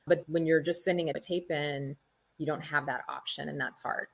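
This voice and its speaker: Husky-voiced chatty actress. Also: female voice, sits low, normal speed. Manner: chatty, animated storytelling, acts out quoted people. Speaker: actress, interview guest. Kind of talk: casual interview conversation.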